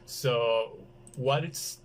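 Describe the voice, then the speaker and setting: A man's voice: mid-range voice, drawn-out words, crowd noise. Hesitant male host. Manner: hesitant, many fillers, searching for words. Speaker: podcast host. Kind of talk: casual interview chat.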